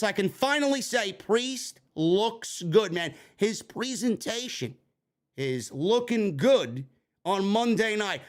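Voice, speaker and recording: A man from New York hosting a wrestling review livestream, swearing constantly and breaking into excitable shouting. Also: sits high. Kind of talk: casual profane live commentary.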